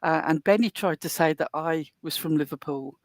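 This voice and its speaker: A woman's voice: low voice, moderate pace, dry recording, clean studio sound. A woman with a British accent, blunt and sarcastic, chatting casually as a co-host on a livestream. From England. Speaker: guest co-host.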